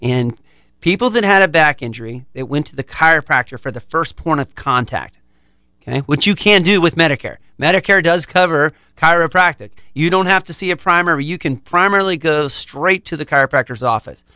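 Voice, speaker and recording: Bright-voiced confident male chiropractor. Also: on the high side, lively intonation, a little fast, clear, resonant tone, dry recording. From United States. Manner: confident, explanatory, promotional. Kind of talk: podcast interview answers.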